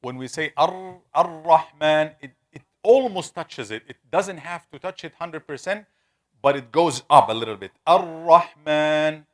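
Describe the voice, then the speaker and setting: Man, teacher, fairly high voice, drawn-out repeated sounds, questions the class. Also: lively intonation. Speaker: tajweed teacher. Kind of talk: interactive classroom lesson.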